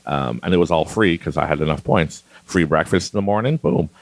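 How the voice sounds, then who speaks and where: A man's voice: extremely low pitch, a little fast, vocal fry, no echo. A middle-aged man from Canada hosting a podcast, rambling casually and laughing often as he talks. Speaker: podcast host. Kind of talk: casual monologue.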